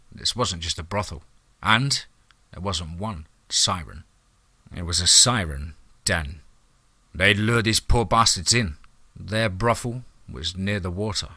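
A man's voice: on the low side, bright, forceful tone, dry recording. A man narrating a first-person horror story in a wry, hard-boiled, profane manner.

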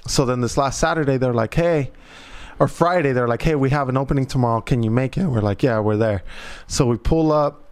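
A man and father co-hosting a podcast, telling an animated anecdote full of slang and swearing. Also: medium pitch, brisk, clear, resonant tone. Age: adult parent. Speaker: podcast co-host. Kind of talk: casual storytelling chat.

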